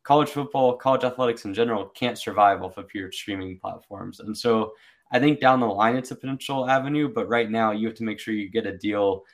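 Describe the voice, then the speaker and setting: Low-voiced man explaining sports business. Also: a little fast. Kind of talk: casual sports talk.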